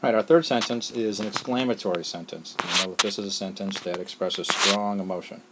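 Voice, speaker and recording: A man's voice: on the low side, brisk, heavy background noise. A man teaching a lesson on a screencast, explaining step by step with patience and often asking "all right?".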